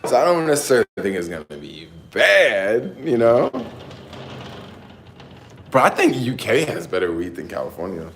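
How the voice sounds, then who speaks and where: A man with a softened Black Southern American accent, chatting loosely on a home livestream, rambling in slang and tacking "yo" onto his sentences. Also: mid-range voice, big pitch swings, moderate pace, pauses often, roomy sound, slight background noise. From American South, family in Tennessee. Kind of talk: casual livestream chat. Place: home in San Francisco.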